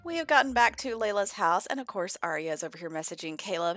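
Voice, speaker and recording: A woman giving casual let's-play commentary, chatting about her sims and voicing their conversations in quick asides. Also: fairly low pitch, creaky, a bit bright, no echo, clean studio sound. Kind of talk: casual gameplay commentary with voiced character dialogue.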